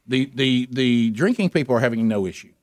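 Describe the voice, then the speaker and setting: Animated middle-aged man telling a story. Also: medium pitch, a little fast, no room sound. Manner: animated, acts out voices in his story. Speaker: radio show co-host. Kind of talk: casual storytelling chat.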